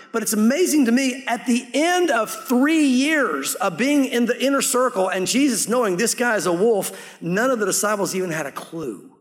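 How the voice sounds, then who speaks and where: High-voiced male pastor in a hall. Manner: conversational, acts out quoted voices. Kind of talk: sermon.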